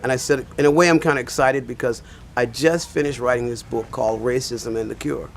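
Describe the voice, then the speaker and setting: An older man with a gravelly, creaky voice tells a rambling story, full of fillers and asides. He talks casually, like a pastor chatting with his flock. Faint noise hums behind him. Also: mid-range voice, fairly even intonation, fairly quick. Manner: rambling anecdotal telling with many fillers. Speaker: pastor and teacher.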